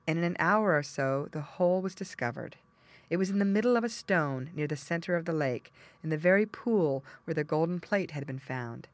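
A woman narrating an audiobook fairy tale in an expressive storytelling manner, close to the mic. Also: sits low, no echo.

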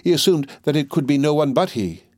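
A man narrating a classic novel in a measured, even reading style. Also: a little high, no room sound, studio quality. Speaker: audiobook reader.

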